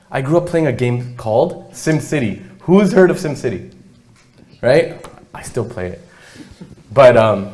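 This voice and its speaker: A man's voice: mid-range voice, a little mellow. A man, giving a keynote talk and telling his life story, acting out family dialogue as he goes. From Canada. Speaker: keynote speaker.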